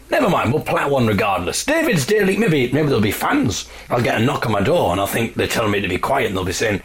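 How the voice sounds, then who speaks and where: A man with an English accent recording a spoken audio diary in a hotel room, storytelling wryly and deadpan with mock-dramatic emphasis. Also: medium pitch, fast talker, few pauses. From England. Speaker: folk musician and audio diarist. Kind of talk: casual spoken diary with dry humour.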